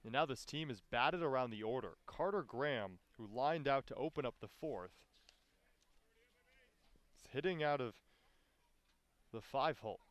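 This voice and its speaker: A man calling live baseball play-by-play, with his voice climbing sharply in pitch and volume on big plays. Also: animated, normal speed, pauses often, no room sound, lo-fi sound. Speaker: play-by-play announcer.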